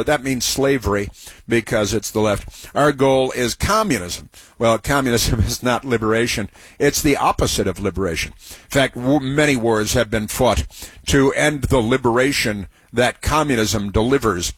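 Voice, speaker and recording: A man's voice: medium pitch, moderate pace, breathy edge, no room sound. A man hosting a talk radio show, telling stories in a rambling way with many restarts and giving blunt opinions.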